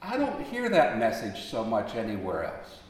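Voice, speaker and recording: A man preaching a sermon in a large church sanctuary, telling stories in an unhurried way. He swells into emphatic appeals and then drops quiet again. His voice carries a long, booming echo through the hall. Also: huge pitch swings.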